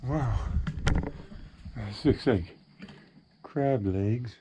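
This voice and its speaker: A man's voice: mid-range voice, very slow. A man narrating as he hikes up a rocky trail, out of breath and wondering aloud at what he finds. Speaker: hiking vlogger. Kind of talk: casual narration while hiking. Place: outdoors on a rocky hillside. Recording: outdoor camera audio with background noise.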